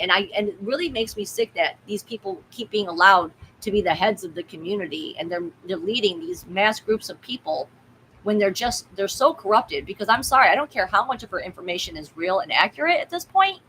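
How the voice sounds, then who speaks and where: A woman's voice: mid-range voice, fairly bright tone, a little hiss or hum, poor audio. A woman who hosts a tarot livestream, chatting in a candid, rambling way and swearing bluntly. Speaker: tarot reader and livestream host. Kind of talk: casual livestream chat.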